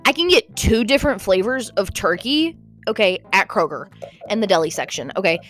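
A woman's voice: medium pitch, brisk, faint music behind. A young woman, rambling animatedly in a casual vlog and sounding a bit out of breath. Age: young adult. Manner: animated, rambling, lots of "okay?" and "like". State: slightly out of breath. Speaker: vlogger.

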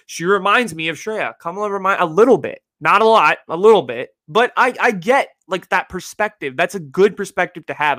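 Recorded at studio quality with no room sound, a young man from the Bay Area hosts a casual podcast alone. His fairly high voice is pushed and bright as he rambles, repeats himself, and fills gaps with "like" and "you know."

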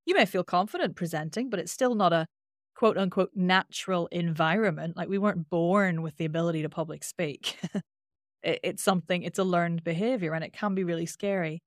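A woman with a Northern Irish accent and a nasal twang, a voice coach explaining things in an interview with lively demonstrations. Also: lowish voice, a little fast, no echo, studio quality. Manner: animated, demonstrates with sung-out sounds.

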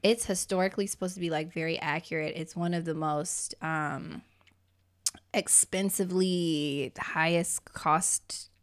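A woman's voice: low-pitched, steady tone, measured pace, clean tone. A woman in her twenties co-hosting a podcast, chatting playfully and expressively with frequent giggles. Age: 20s. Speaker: podcast co-host. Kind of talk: casual chat.

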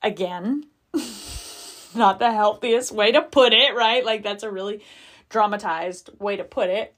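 A woman's voice: mid-range voice, measured pace, fairly bright tone. A woman hosting a podcast, talking frankly and confessionally with lots of casual filler and frequent swearing. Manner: chatty with many fillers. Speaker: podcast host. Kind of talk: candid personal monologue.

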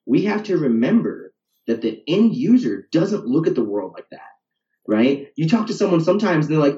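A fitness coach chats casually on a podcast in a mid-range, warm voice, very animated and fairly quick. He's talkative and caps his points with "right?". The recording sounds roomy, distant, dull and lo-fi.

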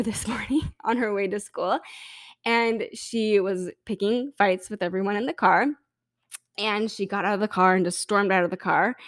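A woman's voice: medium pitch, dry recording, studio quality. A woman hosting a parenting podcast, talking casually and acting out the thoughts of worried parents. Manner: conversational, animated, acts out inner thoughts. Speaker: parenting coach and podcast host.

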